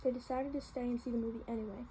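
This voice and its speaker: A woman's voice: on the high side, steady tone, racing, mellow, a little hiss or hum, low-quality recording. A woman reading a novel aloud in a casual way, with small slips and restarts. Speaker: reader.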